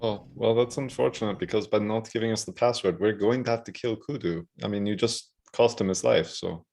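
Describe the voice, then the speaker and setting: Low-voiced man playing a tabletop game. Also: brisk, gravelly, a little mellow. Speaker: player. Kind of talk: casual play at a tabletop game.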